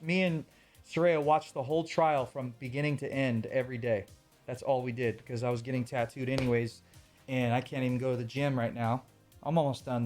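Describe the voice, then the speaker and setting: A man in his thirties ranting heatedly during a casual livestream, swearing often. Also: medium pitch. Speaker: streamer.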